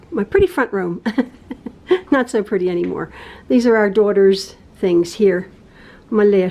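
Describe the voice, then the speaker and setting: A middle-aged woman who hosts a quilting channel, chatting casually and rambling through her home with soft sighs and laughs. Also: medium pitch. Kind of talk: casual vlog chat. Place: home, indoors.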